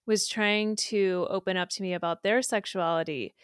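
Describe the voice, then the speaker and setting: A woman of medium pitch hosting a relaxed podcast conversation. She responds warmly to her guest and draws her out with follow-up questions. The recording is dry and close. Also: normal speed, smooth, dry recording. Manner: supportive, responsive interviewer. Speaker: podcast host. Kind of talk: casual interview chat.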